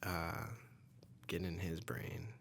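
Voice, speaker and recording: A man co-hosting a podcast, soft-spoken and trailing off with fillers as he talks. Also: deep voice, slow pace, creaky. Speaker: podcast co-host. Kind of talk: casual chat.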